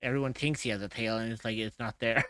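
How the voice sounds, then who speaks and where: A relaxed man chatting on a live stream, cursing casually and laughing easily at his own jokes. His voice sits at an ordinary pitch and sounds dry and close to the mic, with no room echo. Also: fast talker. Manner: laughs often, swears casually, hums while working. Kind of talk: casual chat while drawing on stream.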